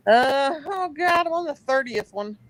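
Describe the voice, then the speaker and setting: A woman's voice: high voice, animated, a little slow, background noise. A middle-aged woman, chatting casually and laughing often while she crochets and counts stitches aloud on her channel.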